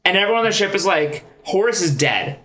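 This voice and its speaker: Bright-voiced laid-back male co-host. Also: high-pitched, big pitch swings, fast talker, a little hiss or hum. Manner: laid-back, swearing slangy talk. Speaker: podcast co-host. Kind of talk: casual chat. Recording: roomy echo.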